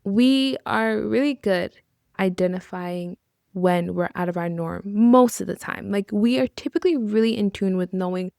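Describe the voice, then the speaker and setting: Earnest woman with a gravelly fry. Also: medium pitch, normal speed, darkish tone, no echo, clean studio sound. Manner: earnest and encouraging, with casual asides. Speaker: podcast host. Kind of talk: reflective podcast monologue.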